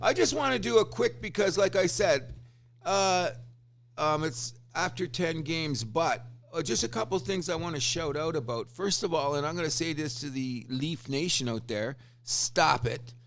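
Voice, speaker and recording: A man co-hosting a casual sports podcast, talking in an animated, opinionated way with crude fan banter. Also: a little high, normal speed, gravelly. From Canada. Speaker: podcast co-host.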